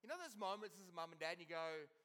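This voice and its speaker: A man preaches to his church, telling family stories in an animated way. His voice sits high for a man and sounds bright and forceful. He swings from loud, lively passages to hushed, drawn-out ones. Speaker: pastor. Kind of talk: sermon.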